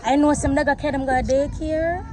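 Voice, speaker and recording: A woman's voice: high-pitched, steady tone, fairly quick, mellow, rough recording. A young Jamaican woman vlogging on a phone while she is out with her kids, mixing Patois and English. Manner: mixes Patois with English, talks straight to her children. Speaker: vlogger and mother. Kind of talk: casual vlog talk to camera and kids. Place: outdoors by city streets and on a bus. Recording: traffic noise outdoors.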